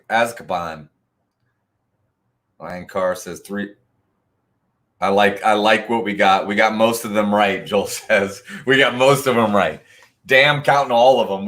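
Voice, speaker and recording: A man's voice: on the low side, a bit bright. A man hosting an online trivia night, reading answers and scores and teasing players in the chat with sarcastic banter. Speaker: trivia host.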